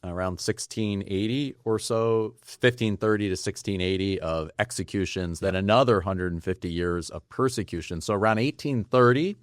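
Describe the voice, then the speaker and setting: A man's voice: fairly low pitch, moderate pace, hardly any pauses, clean tone, no room sound, studio quality. A man hosting a podcast interview, asking curious questions and thinking aloud. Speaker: podcast host. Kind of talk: casual interview chat.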